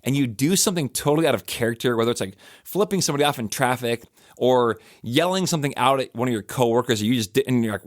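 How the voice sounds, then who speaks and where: A man's voice: medium pitch, fast, dry recording, clean studio sound. A podcast host, a man likely in his thirties, talking in a casual, rambling reflective monologue with frequent restarts and fillers.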